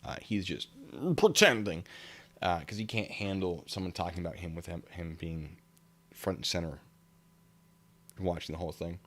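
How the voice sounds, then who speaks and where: A man's voice: sits low, moderate pace, pauses often, fairly bright tone. A man hosting a casual livestream, reading viewer comments aloud with lots of fillers and laughs. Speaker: livestream host reading chat.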